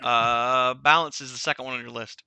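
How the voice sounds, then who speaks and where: A man's voice: mid-range voice, fairly even intonation, normal speed, sharp tone, smooth, no room sound. A man narrating as game master in a casual, rambling way.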